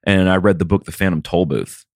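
A man's voice: low voice, a little fast, no room sound, studio quality. A man in his thirties from the American South, co-hosting a podcast in a casual, rambling, wry and sometimes profane way. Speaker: podcast co-host. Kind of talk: casual chat.

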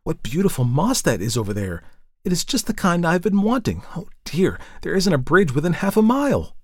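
A man voicing a proud, quick-tempered young woman in an audiobook, speaking high and sharp. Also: gravelly, dry recording, clean studio sound, natural voice. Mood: excited. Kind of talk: audiobook character voice.

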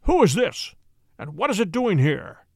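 A man voicing a calm, assured gentleman detective who speaks in a dry, measured, stern way, read from a storybook. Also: sits high, creaky, no room sound, exaggerated voice.

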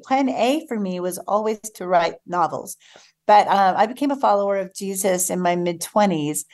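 Upbeat woman novelist chatting on radio. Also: mid-range voice. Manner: warm, enthusiastic, laughs often. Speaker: guest novelist. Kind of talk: casual radio interview chat.

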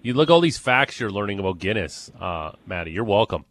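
Studio host: man, low voice, dry close sound, quick and jokey. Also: big pitch swings, fairly bright tone, no echo. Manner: brisk, joking. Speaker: radio host. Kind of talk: sports radio hosting. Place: radio studio.

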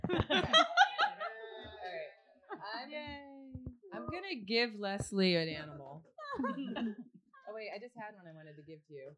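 Host, woman, chatty and playful, slow delivery with lots of pitch movement. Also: big pitch swings, crowd noise. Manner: playful, chatty, laughs often. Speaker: event host. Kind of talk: live event hosting, giving out prizes.

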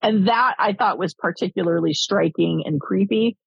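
A woman's voice: medium pitch, moderate pace, vocal fry, slightly rough, no room sound, highs cut off. A woman co-hosting a casual film-review chat, rambling and swearing, with lots of fillers. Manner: rambling, profane, many fillers.

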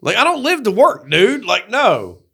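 A man's voice: sits high, moderate pace, creaky, breathy edge. Casual male podcast co-host, slightly raised voice, swears constantly, acts out the stories he tells. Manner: profane, animated storytelling with acted-out quotes. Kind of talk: casual crude banter.

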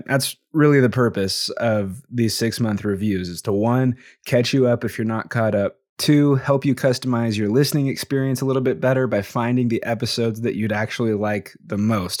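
A man's voice: medium pitch, a little mellow, dry recording, clean studio sound. A man hosting his own podcast, talking casually to listeners in an upbeat, thankful way with frequent fillers. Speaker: podcast host.

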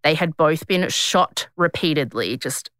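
A woman's voice: low-pitched, expressive, measured pace, a bit bright, no room sound, clean studio sound. An Australian woman in her thirties hosting a podcast, telling a true-crime story in a chatty, rambling way with lots of filler words. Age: 30s. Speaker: podcast host. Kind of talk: casual storytelling chat.

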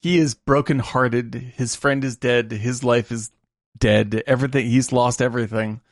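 A man with a gravelly, creaky voice talks through a favorite film scene in a casual podcast chat. He retells the moments with feeling and drops the odd curse. The sound is close and dry. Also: medium pitch, moderate pace, dry recording. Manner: animated retelling of film scenes, swears freely. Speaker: podcast co-host.

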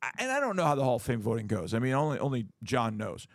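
A middle-aged man co-hosts a sports talk show, arguing his point in a lively, casual way and often acting out what other people would say. His voice is medium-pitched and fast, with no room sound, and he repeats words as he goes.

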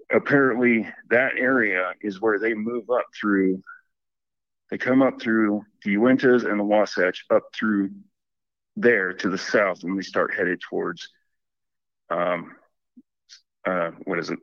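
Man, caller, rambling storyteller, lowish voice, dry muffled lo-fi line. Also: a bit bright, no echo. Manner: rambling, restarts and self-quoting. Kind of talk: casual storytelling.

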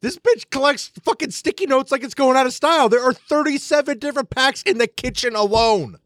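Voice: high-pitched, lively intonation, a little fast, fairly bright tone, dry recording, clean studio sound. A player in a tabletop game who talks in a brash, profane way. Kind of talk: casual tabletop game play.

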